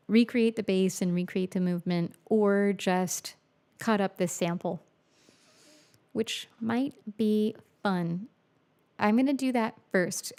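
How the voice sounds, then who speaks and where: Woman producer, casual stream talk, gravelly and dark in tone. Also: medium pitch. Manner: chatty, thinks aloud, reads viewer comments. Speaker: music producer livestreaming. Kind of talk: casual livestream chat while producing. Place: home music studio.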